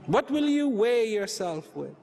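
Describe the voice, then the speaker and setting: A man giving an inspirational talk on inner peace, slow and reflective, repeating phrases for emphasis. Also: high-pitched, very animated, gravelly, a little mellow, a little hiss or hum. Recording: hall reverb with faint ambience.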